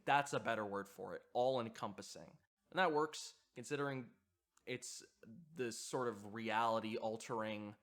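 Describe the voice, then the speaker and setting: The host of this video essay has a lowish voice with a fairly bright tone. He muses on horror sound design in a hesitant way, relying on frequent fillers and restarts.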